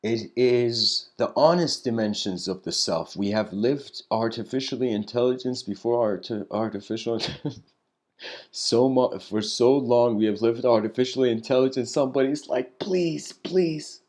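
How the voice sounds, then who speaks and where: A man giving a reflective spiritual lecture, telling stories slowly with pauses and letting his voice trail off quietly. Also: medium pitch. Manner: unhurried storytelling with pauses.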